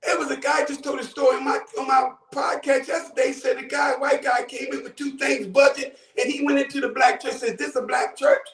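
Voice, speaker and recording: A man's voice: extremely high pitch, level tone, a little fast, few pauses, fairly bright tone, echoey room, far from the mic. A man from Buffalo, New York, calling in to a talk show with fervent, preacher-like commentary, often raising his voice. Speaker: caller. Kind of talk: impassioned call-in commentary.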